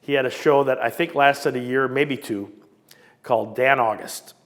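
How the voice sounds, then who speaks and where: Animated older man telling stories. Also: medium pitch, moderate pace, big-room sound. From Southern California. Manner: animated, acts out quoted voices. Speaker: storyteller recounting memories. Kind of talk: casual storytelling interview.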